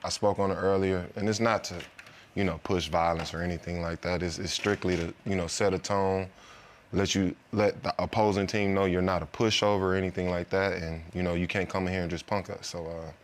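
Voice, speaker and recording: Deep-voiced halting man. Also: steady tone, a little hiss or hum. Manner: halting, repeats words, plainspoken. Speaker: co-host, former basketball player. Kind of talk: casual sports talk. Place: studio.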